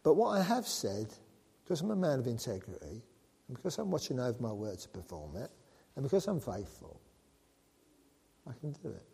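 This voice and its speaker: A man preaching a sermon, animated and joking with the congregation. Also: mid-range voice, moderate pace, gravelly, long pauses, husky. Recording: long reverb of a large hall.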